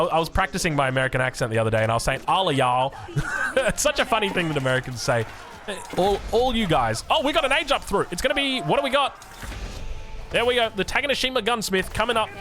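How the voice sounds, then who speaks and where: An Australian man giving energetic, jokey commentary on a strategy game match. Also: high-pitched. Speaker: game caster. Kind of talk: excited esports commentary.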